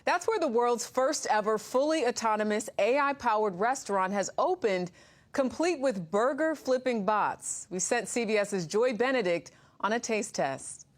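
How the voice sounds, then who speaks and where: A woman news anchor introducing a story in a polished, lively read. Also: fairly high pitch, normal speed.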